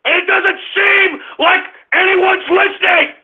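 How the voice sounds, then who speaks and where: A man hosting an internet radio show, ranting and shouting angrily with heavy cursing. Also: very high-pitched, steady tone, unhurried. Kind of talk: angry political rant. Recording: tinny phone-like line.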